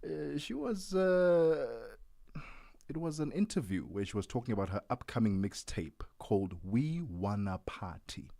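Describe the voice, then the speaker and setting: A man's voice: fairly high pitch, moderate pace, vocal fry, dark tone. A man co-hosting a radio show in casual, loose chat full of fillers. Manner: chatty, loose, with many fillers. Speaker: radio co-host. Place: radio studio.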